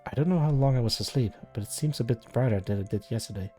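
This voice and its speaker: Mellow-voiced man reading a novel aloud. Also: mid-range voice, quick pace, faint music behind. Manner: first-person narration, casual self-corrections. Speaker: live-stream story reader. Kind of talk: reading a web novel aloud with chatty asides.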